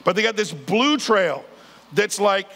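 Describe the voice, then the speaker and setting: A pastor in his 50s preaches in a large church sanctuary, conversational and joking, often calling out to the congregation. His voice is high, gravelly and sharp, expressive and unhurried, with long hall reverb.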